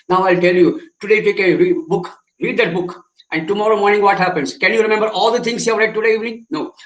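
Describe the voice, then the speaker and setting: A man's voice: sits high, roomy sound, poor audio. A man, a memory trainer giving an online webinar lecture, who repeats his phrases and keeps asking the audience questions. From India.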